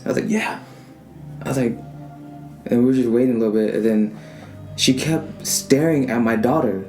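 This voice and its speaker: A man's voice: medium pitch, moderate pace, long pauses, faint music behind. A man telling a personal ghost story in casual podcast chat, acting out quoted lines with many fillers. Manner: animated, acts out quoted lines, frequent fillers.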